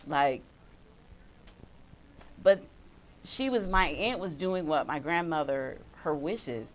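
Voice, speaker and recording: A woman's voice: low voice, expressive, takes it slowly, low-quality recording. A woman co-hosting a casual talk show, telling a family story in a plain way with frequent murmured agreement. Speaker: podcast co-host. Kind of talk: casual chat.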